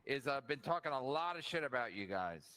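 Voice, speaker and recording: A man's voice: medium pitch, big pitch swings, a little fast, bright, forceful tone. A man hosting a casual podcast, asking provoking, gossipy questions.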